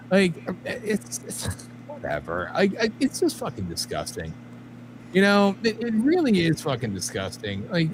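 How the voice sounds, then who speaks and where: A male co-host with a high voice that swings all over, ranting with profanity and exasperation. Clear background noise runs under the recording. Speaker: radio co-host. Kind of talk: casual political talk.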